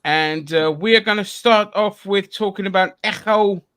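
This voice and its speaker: A man's voice: high voice, normal speed, fairly bright tone, clean tone. A man hosting a casual podcast chat, loose and sweary, with lots of restarts and fillers. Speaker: podcast host.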